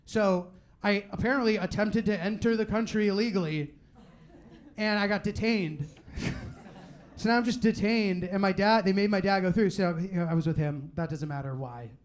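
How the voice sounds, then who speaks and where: A young man with a noticeably high-pitched voice works through a live stand-up set. He talks loosely, rambling through "like" and "you know what I mean," and slips into quick quoted asides from friends and family. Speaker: stand-up comedian. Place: live comedy venue with audience.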